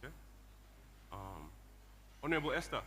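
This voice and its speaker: A man chairing a model legislative session, briskly calling clauses and teasing colleagues lightly. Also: medium pitch, big pitch swings, pushed and bright. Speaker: presiding chairman of a model assembly. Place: large assembly chamber. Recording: reverberant hall, faint background hum.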